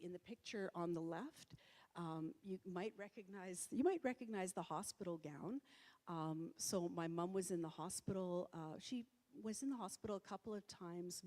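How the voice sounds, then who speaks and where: A middle-aged woman presents to an audience in a conversational way, full of ums and restarts. Her voice sits low. The sound carries the long reverb of a church hall. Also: darkish tone. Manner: conversational, with many fillers and restarts. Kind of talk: public talk.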